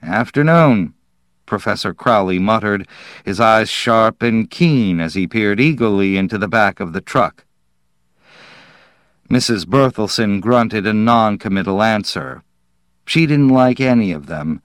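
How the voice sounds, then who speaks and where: A man narrating a story in a slow, measured audiobook reading. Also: on the low side, a bit bright, no room sound, studio quality.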